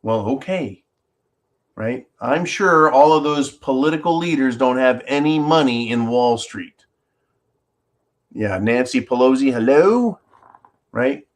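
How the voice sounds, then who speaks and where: A man's voice: mid-range voice, takes it slowly, pauses often. A male commentary host with a mid-range voice, worked up and sarcastic. He rants to his audience, mocks other people's words in quotes and reads out viewer comments. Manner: animated, sarcastic ranting with mock-quoted voices.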